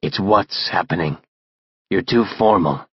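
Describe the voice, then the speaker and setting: A man's voice: low-pitched, measured pace, vocal fry, breathy edge, dry recording, muffled recording, full character voice. A man voicing a curt, laconic male hired killer speaking over the phone in an audiobook. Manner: terse and flat.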